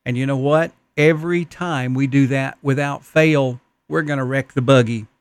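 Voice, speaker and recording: A man's voice: medium pitch, steady tone, moderate pace, clear, resonant tone, dry recording. A man preaching a Christmas sermon, telling stories in an earnest, folksy way. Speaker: pastor.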